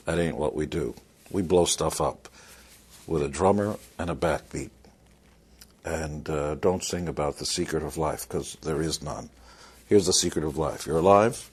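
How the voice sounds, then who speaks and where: A very deep-voiced man with a husky edge talks bluntly and wryly in an interview. His advice comes out plain and punchy, laced with dry humor. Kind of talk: motivational interview talk.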